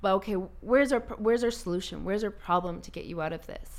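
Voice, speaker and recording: A woman in a casual conversation as a guest, telling stories in an animated way and laughing often. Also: medium pitch, fast.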